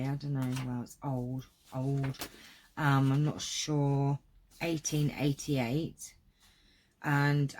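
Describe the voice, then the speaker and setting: A woman's voice: very deep voice, a little hiss or hum. A woman hosting a craft video, chatting casually and enthusiastically before reading aloud from a book. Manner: chatty, enthusiastic, many fillers.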